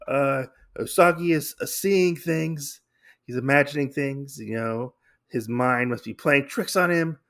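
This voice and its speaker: Creaky-voiced man hosting a casual podcast. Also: mid-range voice, measured pace, a bit bright. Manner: rambling, many fillers and restarts. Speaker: podcast host. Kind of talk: casual comic book recap.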